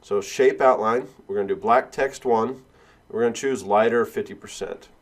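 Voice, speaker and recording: A man instructor giving a screen-recorded software tutorial, explaining each click step by step and correcting himself along the way. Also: on the low side, normal speed. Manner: steady step-by-step walkthrough, self-correcting.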